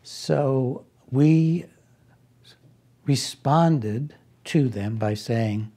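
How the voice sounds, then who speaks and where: Man, very raspy voice, dark tone, casual storytelling, wry asides. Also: medium pitch, lively intonation, unhurried, long pauses. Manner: anecdotal, with wry asides and restarts. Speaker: speaker recounting a personal conflict. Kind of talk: conversational storytelling.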